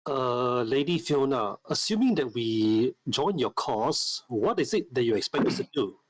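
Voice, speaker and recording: Man asking polite, halting questions in a role-play. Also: medium pitch, big pitch swings, no room sound. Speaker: player. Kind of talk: in-character tabletop role-play.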